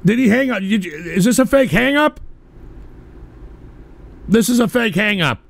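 A man's voice: high-pitched, animated, normal speed, creaky. A man hosting a call-in radio show, ranting brashly, swearing and repeating himself as he takes calls. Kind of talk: profane call-in radio rant.

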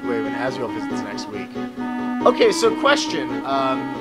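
A man's voice: medium pitch, big pitch swings, a little slow. A man giving casual let's-play commentary, joking, swearing and talking to the game's characters. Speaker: let's player. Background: game music.

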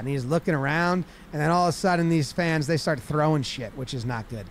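A high-pitched man walks through baseball footage with animated energy. He drops into exaggerated voices for the players between his own remarks. A faint hiss sits under his voice. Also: a little fast. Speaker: baseball commentator. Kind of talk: play-by-play breakdown of game footage.

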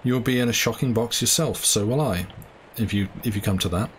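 A man's voice: fairly low pitch, fairly quick, a little hiss or hum, natural voice. A man reading the part of a cynical, cool-headed young doctor who speaks in a sneering, offhand way.

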